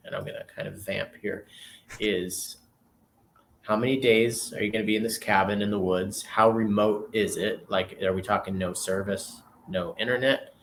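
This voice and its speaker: A man's voice: on the low side, slight background noise. A man chatting as a guest over a video call, playful and rambling, asking question after question. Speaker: podcast host and guest. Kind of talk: casual video call chat.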